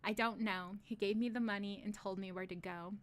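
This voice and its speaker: A woman's voice: mid-range voice, steady tone, fairly quick, close to an everyday voice. A woman voicing a dazed, hapless young man who rambles casually while reading a fantasy story aloud.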